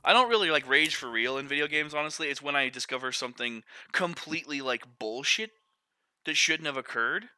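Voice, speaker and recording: A man streaming a shooter game, talking to his chat with profane, excitable outbursts and rambling explanations. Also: a little high, a little fast, clear, resonant tone, no room sound. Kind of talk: live gaming stream commentary to chat.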